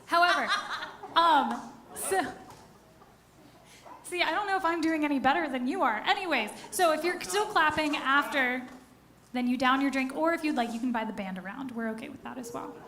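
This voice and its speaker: A woman's voice: high voice, moderate pace, pauses often, a bit bright. A woman band member chatting with a concert audience between songs in a rambling, giggly way, recorded live on stage. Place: live music venue stage. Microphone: stage vocal mic. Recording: roomy live concert sound with band music.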